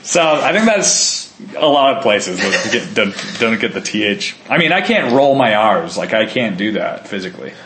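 Laid-back low-voiced American man. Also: big pitch swings, normal speed, few pauses, fairly bright tone. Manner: loose, laid-back, swears casually, full of fillers. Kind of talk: casual chat. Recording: echoey room, faint noise.

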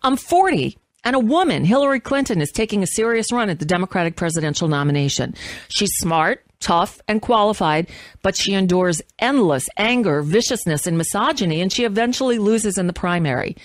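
A woman in her fifties, a radio host, reading an essay aloud with measured, impassioned delivery. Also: medium pitch, animated, no echo, studio quality.

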